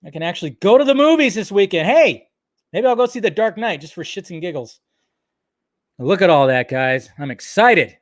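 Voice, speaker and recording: Excitable, swearing man ranting on a live stream. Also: high voice, a little fast. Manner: excitable, swears often, laughs at himself.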